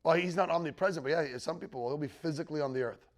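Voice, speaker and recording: This man's voice sits a little high and comes out rapid-fire. He teaches the Bible on the end times to a live group in a teaching room, chatting with them, checking in often, and building emphasis when he quotes scripture.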